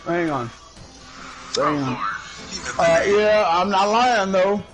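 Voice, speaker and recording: High-pitched dude streaming a game and telling a rowdy story, swears a lot, laughs loud, faint game music behind. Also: male voice, slow pace, rough recording. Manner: loud, profane and animated, breaking into high laughs. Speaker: gaming streamer. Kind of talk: casual storytelling over gameplay.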